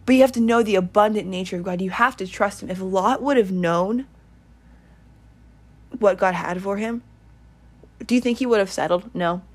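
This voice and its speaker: Speaking at an ordinary middle pitch, a woman preaches casually and earnestly to her online audience. Her exhortation rambles and repeats, looping back over the same points, and she leads her listeners in prayer.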